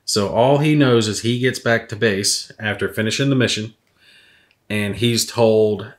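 Lower voiced guy painting minis, rambles, cusses a lot. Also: a little slow. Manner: swears freely, rambling storyteller. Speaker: miniature painting vlogger. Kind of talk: casual rambling hobby chat.

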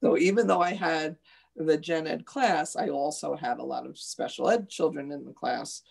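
A woman's voice: low-pitched, moderate pace, gravelly, a little mellow, slightly rough. A woman teacher in a live online discussion, earnestly recounting classroom stories.

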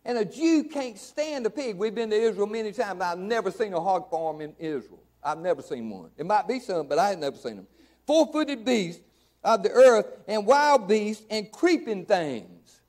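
A man's voice: high voice, very animated, moderate pace, darkish tone. A middle-aged man preaching a sermon in a church, folksy and emphatic, repeating phrases for effect. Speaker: pastor. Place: church sanctuary.

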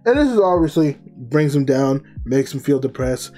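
A man's voice: mid-range voice, very animated, normal speed, warm tone, faint music behind. A man reviewing anime, recapping an episode in a casual, rambling way, full of fillers and self-corrections.

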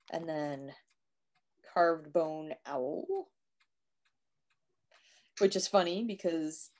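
A woman's voice: deep voice, extremely slow, long pauses, darkish tone. A woman in her forties co-hosting a casual chat, laughing often as she talks. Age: 40s. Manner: giggly, chatty. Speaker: co-host.

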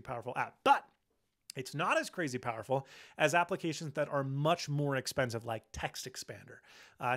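A young man hosting a tech channel, casually and enthusiastically demonstrating software while sounding tired and low on energy.

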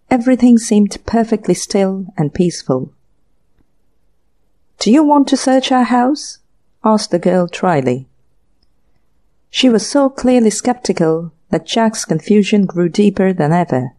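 A woman narrating a classic short story in a measured audiobook reading. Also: medium pitch, dark tone. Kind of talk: scripted narration.

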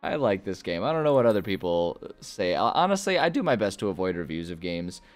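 A man's voice: low voice, very animated, fairly quick, faint music behind. A man casually chatting and reading game text aloud while playing a video game, rambling with lots of fillers. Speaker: gaming YouTuber. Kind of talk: casual let's-play commentary.

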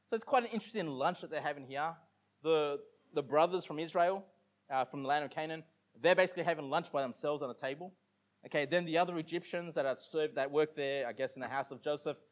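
A pastor preaching a conversational sermon, reading scripture aloud slowly and emphatically between casual asides to the congregation. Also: male voice, on the high side. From Australia.

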